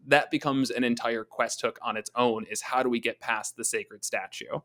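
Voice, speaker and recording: A man co-hosting a podcast about tabletop games, talking in an easy, conversational way. He thinks out loud and sometimes slips into quick voices for his players. His voice sits at an ordinary middle pitch. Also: fairly even intonation. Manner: thoughtful, chatty, acts out quick quoted voices. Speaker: podcast co-host discussing tabletop monsters. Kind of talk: casual discussion of game design.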